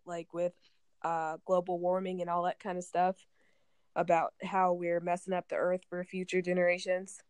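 A woman's voice: lowish voice, completely flat delivery, moderate pace, darkish tone, clean tone, dry recording. A woman in casual conversation, rambling and chatty and laughing often. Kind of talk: casual chat.

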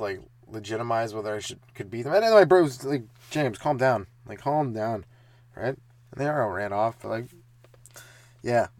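Animated man telling comic stories. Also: no room sound. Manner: animated, acts out kids' taunts with sudden loud high bursts. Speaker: stand-up comedian podcast host. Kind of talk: comic storytelling monologue.

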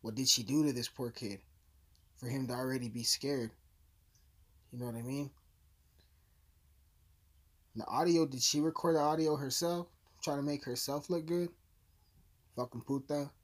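A husky man rambling through a crime case in casual commentary. He is blunt and profane, and his voice sits at an ordinary middle pitch. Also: fairly even intonation, moderate pace, pauses often.

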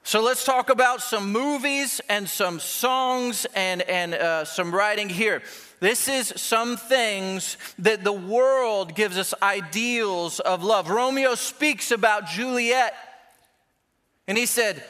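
Pastor preaching, man, unhurried delivery, reverberant church hall, chatty and self-mocking. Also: high-pitched, sharp tone. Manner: conversational, self-deprecating, with playful quoted asides. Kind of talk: sermon.

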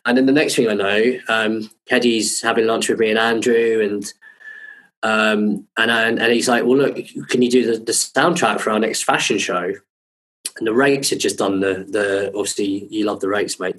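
A man's voice: fairly low pitch, fairly bright tone, low-quality recording. A man, a podcast guest telling rambling, sweary anecdotes with lots of fillers and "right?". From England. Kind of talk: casual anecdotal storytelling.

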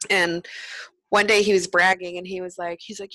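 A woman's voice: on the low side, fairly even intonation, fairly quick, fairly bright tone, dry recording. A young adult woman, a former prison teacher, telling blunt, profane stories in a casual podcast chat.

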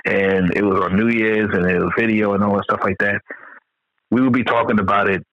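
A man's voice: fairly low pitch, fairly even intonation, brisk, fairly bright tone, no room sound, highs cut off. A man co-hosting a podcast, talking in a heated, profane, emphatic way in casual chat. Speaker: podcast co-host.

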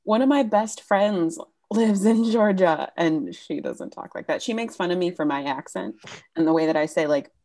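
Female co-host, lower voice, earnest and self-conscious, casual chat. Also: moderate pace, dark tone. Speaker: podcast co-host.

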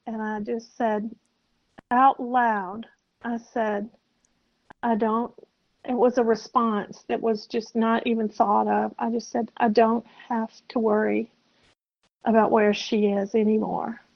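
Soft-spoken older woman, halting and reflective. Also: fairly high pitch, level tone, vocal fry. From South Carolina. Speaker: podcast guest. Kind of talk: personal storytelling interview. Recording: muffled lo-fi audio.

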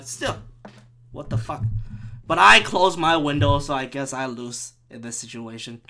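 A man's voice: mid-range voice, bright, forceful tone. A man, a former stand-up comic, ranting alone on his podcast at home in a profane, rambling, exasperated way. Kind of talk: solo podcast rant. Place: room at home with the window open.

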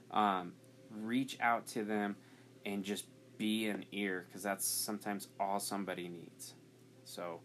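A man's voice: fairly low pitch, a bit bright, slight background noise. A man hosting a faith podcast, speaking earnestly and passionately to his listeners. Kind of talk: heartfelt faith talk.

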